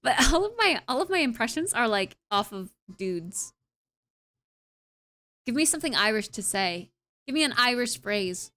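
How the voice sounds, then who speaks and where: A woman's voice: fairly high pitch, very animated, moderate pace, pauses often, sharp tone. A young woman streamer wrapping up her live stream in casual, rambling chat, with lots of filler sounds and playful asides. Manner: playful, tries out accents.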